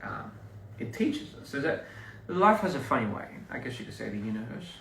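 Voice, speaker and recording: A young man chatting to fans in a relaxed, rambling way, often restarting his sentences. His mid-pitched voice is caught by a phone set back from him in a reverberant room, with a faint hum of ambience behind. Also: fairly quick, vocal fry. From Australia. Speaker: performer talking to fans. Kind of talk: casual livestream chat. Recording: roomy, somewhat distant phone audio.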